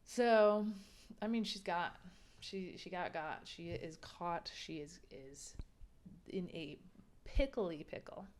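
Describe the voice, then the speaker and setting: A young woman rants through a book review, plainly exasperated and swearing freely. Her voice sits a little low for a woman. Now and then she sinks into a near-whisper to hammer a point home. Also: slow. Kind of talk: casual ranting book review.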